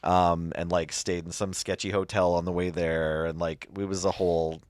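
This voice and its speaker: A man co-hosting a podcast, reminiscing in relaxed casual chat. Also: low voice, normal speed, no room sound. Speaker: podcast co-host. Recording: dry close studio sound.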